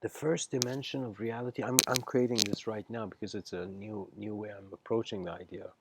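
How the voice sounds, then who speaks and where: Halting, searching male spiritual lecturer. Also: lowish voice, steady tone, creaky, very noisy. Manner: searching and halting, restarts phrases, checks in with "okay?". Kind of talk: livestreamed improvised philosophical lecture.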